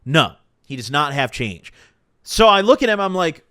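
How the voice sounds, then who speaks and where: A young male podcast host tells stories on a live stream in an animated, profane, slang-heavy, casual way. His voice sits on the high side at a moderate pace, captured with clean studio sound and no echo.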